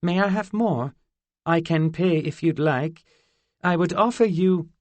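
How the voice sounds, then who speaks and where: High prim british fairy girl, a guy doing her, formal old-timey talk, dry sound. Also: unhurried, no room sound, lightly acted. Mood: wondering. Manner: formal, old-fashioned phrasing. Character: haughty fairy girl, curious and blunt.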